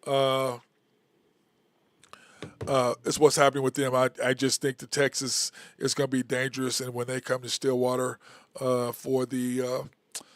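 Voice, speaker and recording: A man's voice: mid-range voice, completely flat delivery, measured pace, long pauses, no room sound, studio quality. A man hosting a solo live-stream sports talk show, casual and rambling, often repeating himself. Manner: casual, conversational. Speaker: host.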